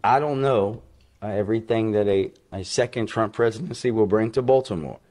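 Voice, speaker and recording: A middle-aged man speaking as a mayor in a public statement, earnest and measured, pausing often with fillers. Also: on the low side, a little mellow. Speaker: city mayor.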